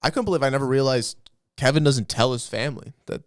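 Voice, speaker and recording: A man co-hosting a podcast, chiming in with relaxed, joking remarks. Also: mid-range voice, fast, smooth, no echo, clean studio sound. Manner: chiming in, joking, laid-back. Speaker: podcast co-host. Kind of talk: casual podcast banter.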